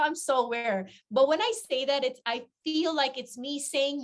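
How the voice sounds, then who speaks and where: A woman's voice: high voice, normal speed. A woman confidence coach speaking in a casual podcast interview, earnest, heartfelt and reflective.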